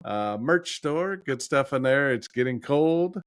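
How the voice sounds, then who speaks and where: A man's voice: mid-range voice, expressive, measured pace, no echo. Easygoing male podcast co-host, reflective chat, dry recording with no room sound.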